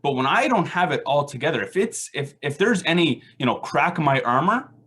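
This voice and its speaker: A man's voice: fairly high pitch, very animated, brisk, a bit bright, husky. A man giving a casual, self-deprecating faith reflection at an online recovery meeting, full of rhetorical questions.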